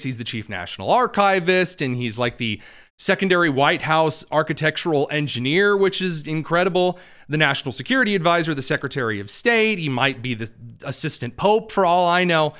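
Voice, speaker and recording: A male host delivers political commentary with sarcasm and mocking jokes. His voice is smooth and clear and sits a little high. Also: fairly bright tone. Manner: quick, mocking, jokey asides.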